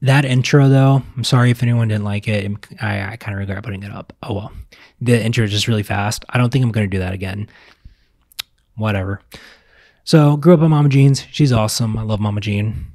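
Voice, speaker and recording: A man's voice: lowish voice, brisk, a little mellow, no room sound, studio quality. A young man from Virginia chatting casually at home, telling stories in a rambling, self-correcting way. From Virginia, US South. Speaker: vlogger. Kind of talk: casual chat. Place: home, indoors.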